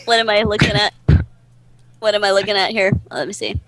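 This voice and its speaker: A tipsy woman playing a tabletop game, giggly and swearing, in a slow drawl. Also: mid-range voice, flat delivery, fairly bright tone. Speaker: player. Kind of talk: casual tabletop play.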